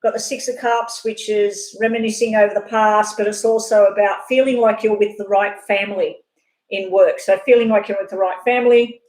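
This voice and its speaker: A woman doing a live tarot reading, talking fast and rambling off on side chats. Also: medium pitch, fairly even intonation, a little mellow. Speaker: tarot reader. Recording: echoey room.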